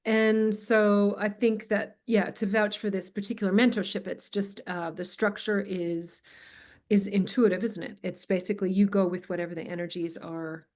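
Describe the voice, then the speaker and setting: A woman hosting an interview, speaking casually and hesitantly with many pauses and fillers. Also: mid-range voice, level tone, darkish tone. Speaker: host, medical intuitive.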